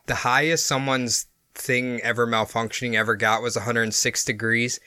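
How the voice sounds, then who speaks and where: A man's voice: mid-range voice, flat delivery, normal speed, bright, forceful tone, clear, resonant tone, no echo, studio quality. A man co-hosting a casual podcast, reading from his notes and often chuckling mid-sentence. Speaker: podcast co-host presenting the topic. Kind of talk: casual chat mixed with reading notes aloud.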